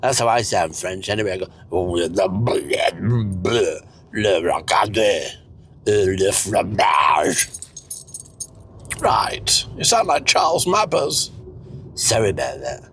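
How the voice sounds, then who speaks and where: A man's voice: lowish voice, wildly swooping pitch, normal speed, a bit bright, a little hiss or hum, exaggerated voice. A man voicing an elderly, foul-mouthed, bossy wife who nags and mocks in a crude, sarcastic way. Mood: nagging.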